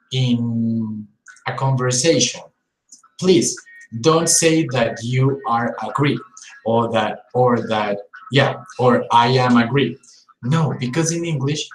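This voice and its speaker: Speaking in a mid-range voice over a rough, roomy recording, an English teacher on a livestream slowly demonstrates word pairs and repeats them to highlight differences. The teacher also addresses people in the chat.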